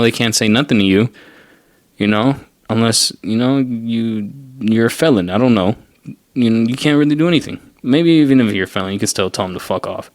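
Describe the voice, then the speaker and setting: A young man rants his way through a story on his podcast, swearing freely and sounding fed up. His voice sits on the low side. The sound is dry, with almost no room around it. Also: no room sound. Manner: profane, exasperated storytelling. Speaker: podcast host. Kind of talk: casual ranting monologue.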